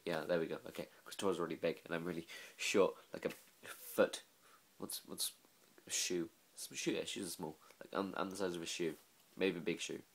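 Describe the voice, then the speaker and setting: A tired man up late, talking in a rambling, filler-heavy, self-mocking way in a casual vlog. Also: low voice. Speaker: vlogger.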